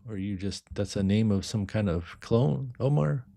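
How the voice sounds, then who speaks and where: A middle-aged man who sells fragrances, chatting casually on a livestream and rambling through viewer questions with many quiet asides. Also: on the low side, moderate pace, creaky. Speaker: fragrance seller answering live chat.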